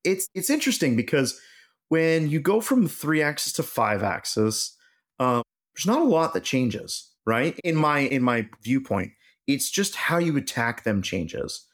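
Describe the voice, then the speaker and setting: A man of average pitch chatting as a guest on a podcast. He tells stories animatedly and jumps his voice up and down as he acts out what others said. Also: unhurried. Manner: animated, acts out quoted dialogue. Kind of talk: casual storytelling interview.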